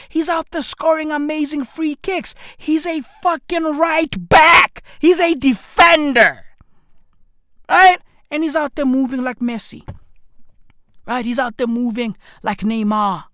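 A woman delivering a loud, swaggering, profane comedic rant full of slang. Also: high-pitched, no echo, clean studio sound. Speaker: comedic commentator.

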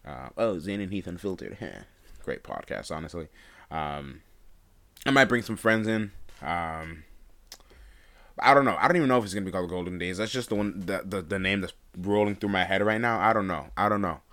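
A man's voice: deep voice, fairly quick, a bit bright. A young man hosting a solo podcast, rambling and unscripted with lots of fillers and restarts, his voice still groggy from just waking up. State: groggy morning voice. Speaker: podcast host.

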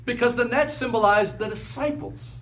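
Pastor, male, high voice; conversational sermon with quick asides. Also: a bit bright, a little hiss or hum.

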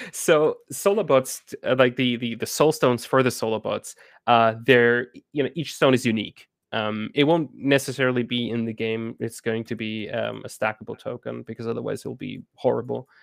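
A game co-founder chats casually as an interview guest in a gravelly, mid-range voice. He halts, repeats words, restarts sentences, uses many fillers and laughs often, recorded close and dry.

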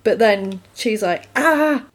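A woman's voice: mid-range voice, moderate pace, a little mellow. A woman casually recapping a film on a podcast, acting out lines in silly voices and laughing often. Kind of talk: casual chat.

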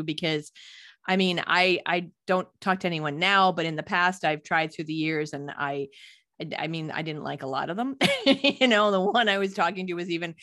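Low-voiced middle-aged woman podcast host. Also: a bit bright, dry recording, studio quality. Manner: easygoing, laughs along. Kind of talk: casual podcast conversation.

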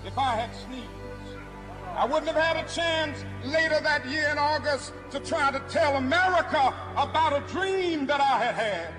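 A man preaching to a live crowd, speaking in rhythmic repeated refrains that build to ringing shouts. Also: extremely high pitch, lively intonation, normal speed. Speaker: preacher and civil rights speaker. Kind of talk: impassioned oratory to a live crowd. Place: large hall before an audience. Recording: archival speech with long hall reverb and music behind.

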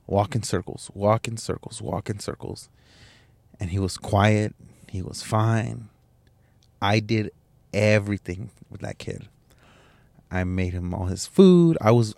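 Young male podcast host, lowish voice, dry close sound, candid emotional storyteller. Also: vocal fry, a little mellow, no room sound. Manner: candid, emotional, rambling with restarts and swearing. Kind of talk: personal storytelling monologue.

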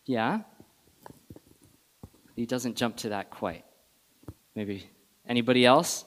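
A man preaching a sermon in a church, animated and conversational, putting questions to the congregation. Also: mid-range voice, slow. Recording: long reverb of a large hall.

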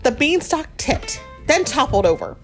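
A woman reading a picture book aloud to a child, animated and chatty, often laughing and stopping to talk with the child. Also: high-pitched, moderate pace, over music. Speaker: storybook reader.

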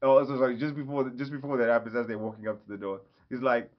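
A man's voice: mid-range voice, little pitch movement, fast talker. A man giving an enthusiastic, rambling casual vlog review, often correcting himself. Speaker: movie reviewer. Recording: slightly dull lo-fi audio.

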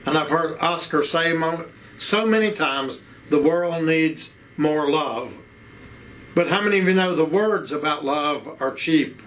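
A man with an Appalachian accent preaching a sermon, with rhythmic repeated phrases and rhetorical questions, slowing down to stress key words. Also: a little high, fairly bright tone, low-quality recording.

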